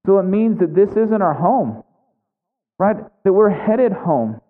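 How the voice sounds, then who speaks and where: A man's voice: high voice, sing-song, slow pace. A man preaching a sermon as pastor, speaking earnestly and building to fervent emphasis. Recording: phone-like sound with long hall reverb.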